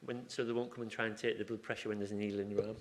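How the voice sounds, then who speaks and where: A man's voice: lowish voice, little pitch movement, rapid-fire. A man working as a hospital acupuncturist, chatting informally at a conference and acting out conversations from the ward. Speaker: acupuncturist in a hospital surgery team. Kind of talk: conference talk with questions from the floor.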